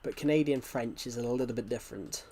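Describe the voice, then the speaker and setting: A man's voice: mid-range voice, quick pace, mellow, slightly rough. Chatty British man streaming a game. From United Kingdom. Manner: chatty, answers viewers' questions as they come. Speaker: gaming streamer. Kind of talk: casual livestream chat while playing.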